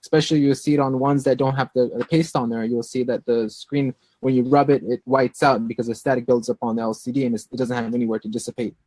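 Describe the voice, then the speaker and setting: A man's voice: medium pitch, fairly even intonation, fast talker, hardly any pauses, darkish tone, no echo. A man explaining technical points on a video call, casually and with many "you know"s. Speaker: phone screen refurbisher guest.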